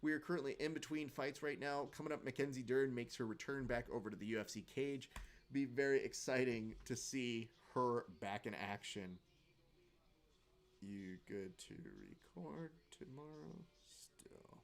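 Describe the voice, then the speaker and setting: A man hosts a live stream where viewers watch fights together, talking in a loose, joking way and reading their comments aloud. His voice sits at a middling pitch, neither deep nor high. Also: fairly even intonation, a little fast. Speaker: host of a live fight watch-along show.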